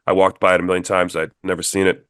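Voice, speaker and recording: Male podcast co-host, low voice, relaxed filler-heavy chat, dry close mic. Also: fast talker, clear, resonant tone, no echo. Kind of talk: casual movie review chat.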